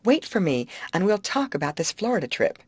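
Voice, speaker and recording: A woman reading the lines of a soft-spoken, luxury-loving teenage girl in an audiobook. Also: deep voice, expressive, a little slow, no room sound. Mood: eager. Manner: soft, wistful.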